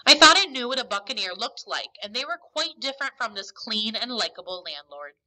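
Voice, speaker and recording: A woman reads a novel aloud for a lesson, and her storytelling is expressive and emphatic. Her voice is very bright, ringing and fairly high. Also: fairly quick, low-quality recording. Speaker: teacher.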